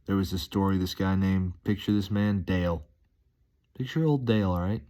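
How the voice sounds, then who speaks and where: A man's voice: deep voice, normal speed, mellow. A man talking casually to his viewers in a rambling, playful, enthusiastic vlog monologue, chuckling as he goes. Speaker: vlogger. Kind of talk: casual upbeat monologue to camera.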